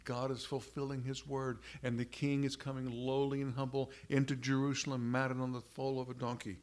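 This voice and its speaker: A man preaching a sermon, slow and deliberate, repeating phrases for emphasis and addressing the congregation as brethren. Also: medium pitch, flat delivery, a little mellow. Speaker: pastor.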